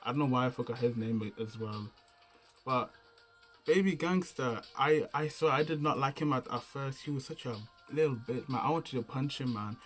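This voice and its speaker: Young man, casual game review, rambling, slangy, mid-pitched, faint music behind. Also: moderate pace. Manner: rambling and slangy, often restarting and searching for words.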